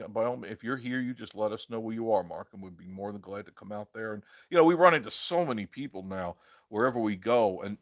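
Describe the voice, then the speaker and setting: A man's voice: lowish voice, dry recording, clean studio sound. A man hosting a casual live stream, reading viewer comments aloud and chatting in a rambling way, laughing often.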